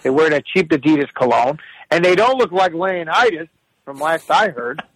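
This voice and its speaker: A man's voice: fairly high pitch, expressive, normal speed, fairly bright tone, no room sound, poor audio. A man telling rambling, profane stories in casual chat on a podcast. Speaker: podcast guest storyteller.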